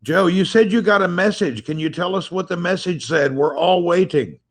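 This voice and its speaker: A man's voice: high-pitched, moderate pace. A man hosting a casual live-stream chat from home, greeting viewers by name, reading their comments aloud and teasing playfully. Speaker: livestream host. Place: at home with family nearby. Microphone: phone livestream.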